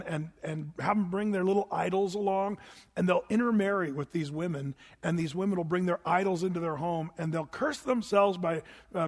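High-pitched guy preaching casual, folksy, lots of restarts, long echo like a big hall. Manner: folksy, restarts, acts out story voices. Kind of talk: casual sermon with Bible reading.

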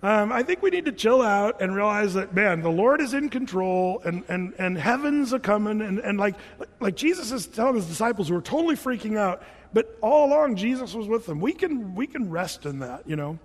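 A male pastor delivers a sermon in a relaxed, conversational manner, stumbling and restarting as he goes. His voice sits high for a man. A long reverb trails each phrase, as if recorded in a large hall. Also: a little fast. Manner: casual, chatty preaching with many restarts.

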